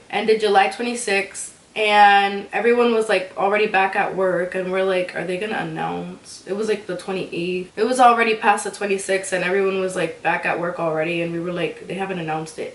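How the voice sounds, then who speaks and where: A young woman telling a casual storytime vlog, animated and ranting, often laughing. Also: medium pitch, distant mic. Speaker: vlogger. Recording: echoey room, voice a bit off-mic.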